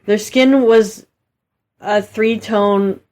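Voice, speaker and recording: Deadpan woman reading a silly book. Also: medium pitch, extremely slow. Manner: flat reading, bored and dismissive asides. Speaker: co-host reading aloud.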